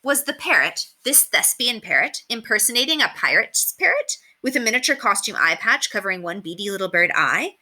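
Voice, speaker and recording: Bright, lively woman reader, expressive storybook read-aloud. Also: mid-range voice, fairly quick, few pauses. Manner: expressive, animated.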